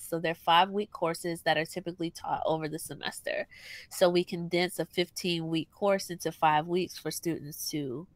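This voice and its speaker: Woman, podcast guest, teacher, wry storytelling, low pitch, dry close sound. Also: no room sound. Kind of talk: casual chat, storytelling.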